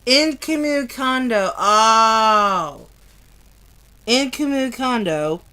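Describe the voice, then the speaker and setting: A woman reads a book aloud at a slow, deliberate pace, sounding out long words and often stumbling. She restarts words mid-way and breaks off to curse at her own mistakes. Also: a little high, expressive, bright, forceful tone. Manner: stumbles over hard words, swears and laughs at herself. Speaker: amateur reader. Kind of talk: reading a book aloud, livestream.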